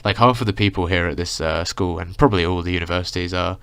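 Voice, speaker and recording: A man's voice: low-pitched, fast talker, creaky, fairly bright tone, clean tone, no room sound. A young man ranting through a casual storytime, rambling with lots of filler words. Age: young adult. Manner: rambling, full of "like" and "you know". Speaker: vlogger.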